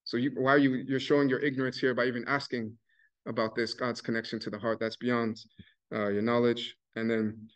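A man's voice: medium pitch, level tone, fairly quick. A man giving an academic talk, telling stories casually with many restarts and fillers. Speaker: lecturer. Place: university lecture hall.

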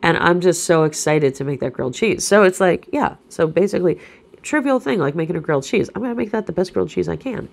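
A woman who is a spiritual coach, reading a self-help book aloud with casual, talkative asides, coughing and clearing her throat from allergies. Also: fairly low pitch, expressive, fast talker. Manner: casual and talkative, breaking off to explain.

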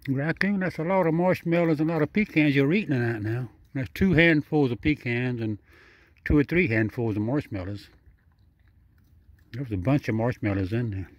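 A man chats away to a raccoon, repeating himself as he goes. His voice sits at an ordinary pitch and sounds dull and lo-fi. The audio is dry, with no room echo. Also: normal speed. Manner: talks straight to the animal, chatty and repetitive. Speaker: vlogger feeding a wild raccoon. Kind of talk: casual running commentary.

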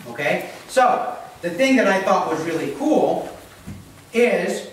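High-voiced pastor in an echoey church. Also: male voice, animated, slow, slight background noise. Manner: plainspoken, keeps checking in with the congregation. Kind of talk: sermon. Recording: echoey church hall recorded from a distance.

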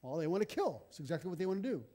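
A man, a missionary, preaching a sermon in a church, animated, with sudden loud bursts and quiet asides. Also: sits high, racing.

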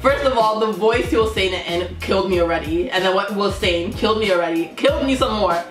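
A woman hosting a casual reaction video, excitable and quick to laugh, often trailing off mid-sentence. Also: mid-range voice. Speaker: YouTube reaction host. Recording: echoey room with faint music.

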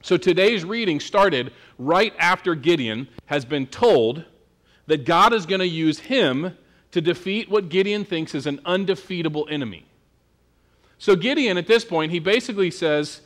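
A man's voice: high-pitched, animated, normal speed, a bit bright. A male pastor preaching a sermon in a casual, joking, conversational manner.

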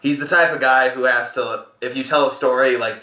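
Bright-voiced, crude laughing man. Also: medium pitch, steady tone, brisk, reverberant. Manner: laughing, crude, reacts eagerly. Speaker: podcast co-host. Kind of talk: casual chat over a beer.

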